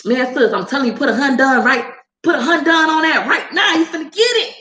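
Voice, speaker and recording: Woman putting on a loud, coaxing casino high-roller guy, higher pitch, echoey room. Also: a little fast. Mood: pushy, coaxing. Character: pushy male high-roller gambler.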